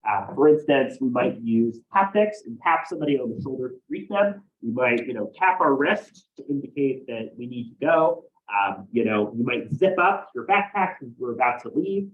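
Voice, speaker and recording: A man's voice: mid-range voice, lively intonation, moderate pace, hardly any pauses, phone-quality sound. A man teaching a college class, explaining ideas step by step and often checking in with "right?". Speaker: college instructor. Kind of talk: classroom lecture.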